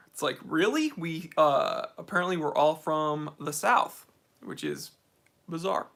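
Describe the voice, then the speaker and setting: A man's voice: fairly high pitch, sing-song, unhurried, bright, forceful tone. A man with an American accent hosting a casual livestream Q&A, chatty and opinionated, with many fillers. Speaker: watch channel host.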